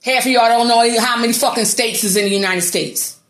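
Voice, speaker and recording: A woman's voice: fairly high pitch, fairly even intonation, fairly quick, a bit bright, reverberant. Heated, profane woman ranting. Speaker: vlogger. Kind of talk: angry ranting monologue.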